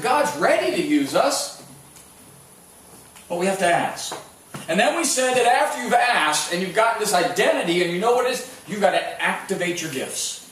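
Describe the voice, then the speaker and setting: A male pastor delivers a sermon in a slightly higher voice, telling stories in a relaxed, conversational way with frequent restarts. He is recorded from a distance in a very echoey church hall with a faint hum of room noise. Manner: storytelling with sports anecdotes, many restarts. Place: church sanctuary.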